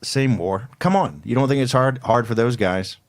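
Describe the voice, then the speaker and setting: A male talk show host haranguing his listeners in a forceful, hectoring way, often repeating himself. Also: medium pitch, normal speed. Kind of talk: fired-up political talk show.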